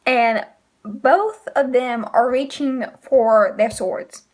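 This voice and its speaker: A woman casually recapping comic chapters, pausing often with fillers. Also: a little high, darkish tone. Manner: hesitant, frequent filler pauses. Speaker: manga reviewer.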